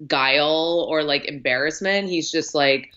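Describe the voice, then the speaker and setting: Chatty low-voiced woman guest. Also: a little slow, sharp tone, lo-fi sound. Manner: chatty, lots of likes and ums, acts out quotes. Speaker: podcast guest, film critic. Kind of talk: casual film discussion.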